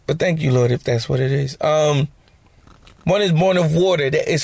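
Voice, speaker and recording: Man, podcast host, slangy Bible talk, higher voice, dry sound. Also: no room sound. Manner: conversational, slangy, joking asides. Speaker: podcast host teaching scripture. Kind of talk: casual Bible teaching.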